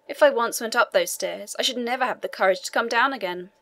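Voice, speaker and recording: A woman's voice: fairly high pitch, fairly quick, fairly bright tone. A woman voicing a formal, businesslike male prison inspector in an audiobook. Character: stern official male prison inspector, brisk.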